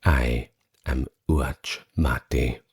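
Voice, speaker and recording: A man reading ancient sacred texts aloud in a slow, soft-spoken ASMR style, with a solemn and measured recitation. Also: very deep voice, steady tone, breathy edge.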